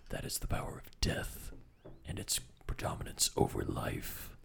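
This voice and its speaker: Man whispering as a sinister death magician. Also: close to an everyday voice. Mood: ominous. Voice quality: whispery, breathy. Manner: low and slow, ominous.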